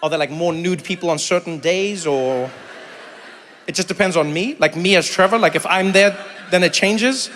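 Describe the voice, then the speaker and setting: A man from South Africa works a crowd in a big hall, his voice high and bright. He tells animated stories and slips into quick impressions of other people. Long reverb trails behind him, with faint room noise underneath. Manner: animated storytelling, mimics voices, chats with audience. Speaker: stand-up comedian. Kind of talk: stand-up comedy with crowd work. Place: large venue with live audience.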